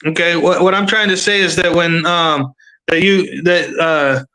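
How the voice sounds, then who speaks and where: A man's voice: fairly high pitch, fairly even intonation, unhurried, pushed and bright, low-quality recording. A man ranting on a livestream panel in casual chat, rambling with lots of filler words and swearing. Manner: rambling, profane, many fillers. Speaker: panel commentator. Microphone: video call.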